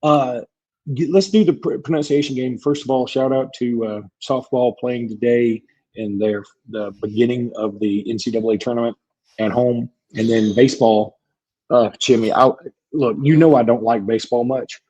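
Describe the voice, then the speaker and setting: A man's voice: mid-range voice, steady tone, normal speed, warm tone. A man with a Southern US accent co-hosting a casual sports podcast, folksy and joking with rambling asides. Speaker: podcast co-host. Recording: dull lo-fi podcast audio.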